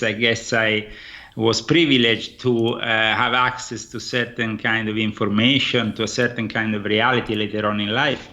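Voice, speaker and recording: A man with an Italian accent, a guest on a radio interview, speaking slowly with many hesitations and fillers. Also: medium pitch, bright, forceful tone. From Italy. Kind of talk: phone-in interview.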